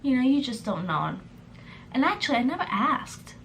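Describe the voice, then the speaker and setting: A woman's voice: high-pitched, sing-song, moderate pace, a bit bright, slight background noise. A young woman vlogger telling a personal story to camera, animatedly acting out the messages and replies she quotes. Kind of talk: storytime vlog.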